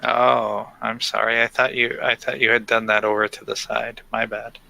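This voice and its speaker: Gravelly, bright-toned man griping bluntly. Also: medium pitch, little pitch movement, moderate pace, dry recording, low-quality recording. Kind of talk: casual chat.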